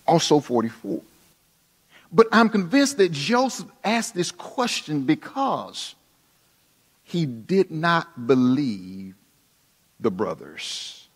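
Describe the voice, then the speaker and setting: A man preaching a sermon, dramatic, dropping to hushed tones and rising again for emphasis. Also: mid-range voice, husky. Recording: long reverb of a large hall.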